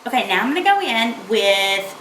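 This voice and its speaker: A woman's voice: fairly high pitch, sing-song, moderate pace, a bit bright, a little hiss or hum. A young woman, chatting playfully through a makeup tutorial. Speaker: beauty vlogger. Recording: echoey room.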